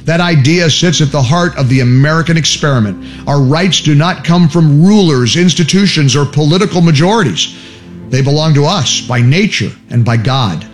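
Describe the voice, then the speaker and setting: A man giving a scripted narration in a solemn, measured way. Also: fairly high pitch. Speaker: narrator of a radio segment.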